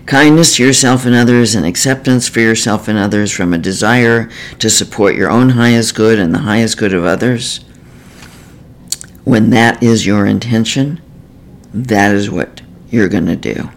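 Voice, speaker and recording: A man, a therapist, reading a self-help book in a measured, earnest and gentle way. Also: lowish voice, rough recording. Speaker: therapist author. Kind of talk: scripted self-help narration.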